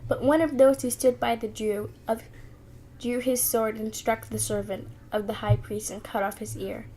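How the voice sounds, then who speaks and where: High-voiced woman reading scripture. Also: steady tone, moderate pace, dark tone, a little hiss or hum, rough recording. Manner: earnest reading with small restarts. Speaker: Bible reader.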